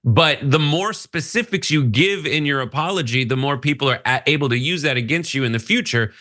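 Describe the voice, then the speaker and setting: A male co-host on a political news show with a bright, tense voice. He jokes and mocks as he talks, casual and quick with his opinions. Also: mid-range voice. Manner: joking, mocking impressions. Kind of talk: political commentary chat.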